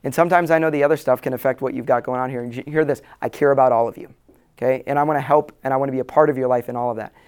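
A man's voice: mid-range voice, fairly even intonation, very fast, a little mellow, smooth. A man speaking as a pastor to a room of church leaders, earnest and plain-spoken, repeating key lines for emphasis. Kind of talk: conference talk to church leaders. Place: room with a live audience.

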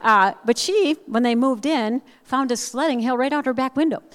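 A woman speaker giving a personal storytelling message with animated, self-deprecating humor, acting out the voices of people in her story. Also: sits high, moderate pace. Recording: long reverb of a large hall.

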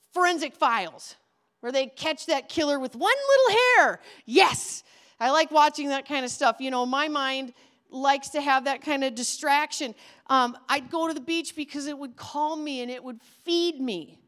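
High-voiced woman pastor telling stories. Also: a little slow. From Minnesota. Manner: animated storyteller, acts out quoted voices. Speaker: children's pastor. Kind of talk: casual teaching talk.

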